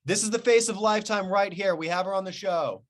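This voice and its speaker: A man's voice: high-pitched, brisk. A man hosting an interview show, chatting with a guest in an enthusiastic, chummy way. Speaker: talk show host. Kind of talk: casual interview chat.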